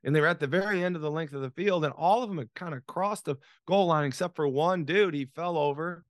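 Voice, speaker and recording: A man's voice: on the high side, quick pace, dry recording, clean studio sound. A man in his sixties, a podcast guest, telling a story dramatically with many restarts and repeated words. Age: 60s. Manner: dramatic, repetitive, frequent restarts. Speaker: podcast guest, author and business coach. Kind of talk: conversational storytelling.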